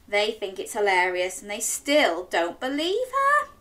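A woman's voice: mid-range voice, huge pitch swings, unhurried, pushed and bright. A woman reading an interactive story aloud to young children, coaxing them to join in with sing-song questions.

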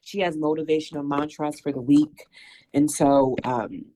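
A woman's voice: deep voice, steady tone, moderate pace, mellow, rough recording. A woman runner being interviewed on a podcast, talking effusively and emotionally and breaking into exclamations like "woo" and "ooh.". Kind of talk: conversational interview.

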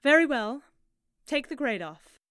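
A woman's voice: high-pitched, expressive, a little slow, very noisy. A woman playing a formal hostess who tells rowdy patrons to sit down. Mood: stern. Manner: formal, stern. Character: prim bar hostess keeping order.

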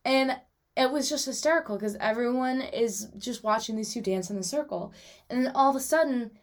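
A young woman hosting her own podcast, chatting casually and animatedly about her weekends, with lots of "like" and quick asides. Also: on the high side. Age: young adult. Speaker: podcast host. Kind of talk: casual solo podcast chat.

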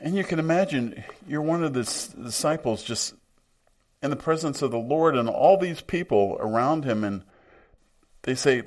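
A man's voice: medium pitch, animated, moderate pace. A man preaching a sermon, reading scripture aloud and reflecting on it in a musing way.

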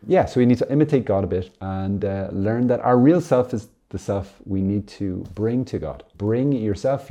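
A man giving a casual video sermon as a Catholic preacher, animated and playful, swinging from loud emphasis to soft murmurs. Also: on the low side, moderate pace, few pauses. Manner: playful, laughing asides.

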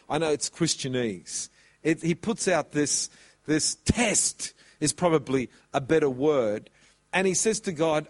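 A man preaching a sermon, telling a story and stretching out words for emphasis. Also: fairly high pitch. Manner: animated, drawn-out emphasis.

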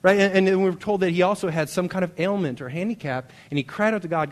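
A man preaching a sermon to a congregation in a conversational, animated way, often checking in with "right?". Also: sits high, fast talker, few pauses. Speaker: pastor. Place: church hall before a congregation.

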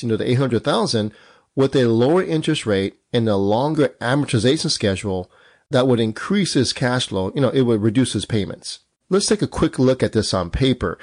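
A man's voice: mid-range voice, darkish tone, slightly rough, no echo. A man hosting an instructive podcast as a real estate coach, punching out numbered points and putting questions to his listeners.

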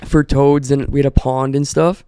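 A man's voice: mid-range voice, little pitch movement, normal speed, mellow, clear, resonant tone, no echo, studio quality. A young Canadian man, a podcast co-host, telling profane neighbor stories in casual chat and acting out the people in them. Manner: profane storyteller, acts out neighbors' lines.

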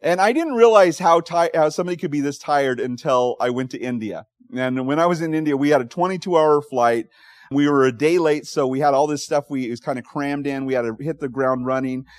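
A male pastor preaching a sermon, telling stories with animated quoted voices and frequent laughs. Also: on the high side, fairly quick, dry recording, clean studio sound. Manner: animated storytelling, laughs often, acts out quotes.

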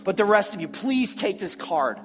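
High-voiced earnest male pastor in a hall. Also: big pitch swings, a bit bright, soft background music. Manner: earnest, repeats phrases, preacherly pauses. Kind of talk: sermon. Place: church sanctuary.

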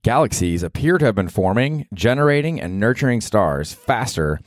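A man's voice: on the low side, sing-song, moderate pace, no room sound, studio quality. A man in his forties hosting a podcast, chatting casually in a profane, rambling way and laughing often. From US South. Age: 40s. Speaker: podcast host. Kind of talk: casual solo podcast chat.

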